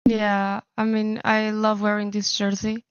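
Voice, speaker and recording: A woman's voice: medium pitch, monotone, unhurried, smooth, no echo, highs cut off. A young woman esports player giving an interview, humble and grateful, with hesitant fillers. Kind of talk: post-match interview.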